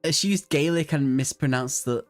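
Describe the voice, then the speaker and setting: A man's voice: fairly high pitch, moderate pace, soft background music. A man hosting a casual book livestream, playful and giggly, slipping into silly voices. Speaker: book channel host.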